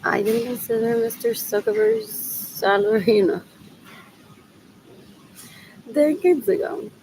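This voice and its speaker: Gravelly-voiced woman rambling to the camera. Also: a little high, sing-song, slow, mellow, a little hiss or hum, poor audio. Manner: rambling, drifting between mumbling and whispering; mixes in Spanish phrases. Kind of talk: rambling solo livestream talk.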